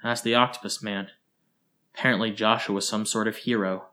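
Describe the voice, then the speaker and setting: A man's voice: lowish voice, steady tone, fairly quick, sharp tone. Man voicing bitter drunk woman, slurred, sneering, weary, storybook.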